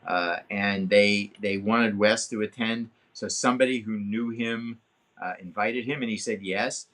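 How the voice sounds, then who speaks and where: Older guy in his 70s spinning a wild story, swears a lot, pitch jumps all over when he acts stuff out. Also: fairly even intonation, a little slow, fairly bright tone. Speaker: guest actor. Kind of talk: anecdotal storytelling in a podcast interview.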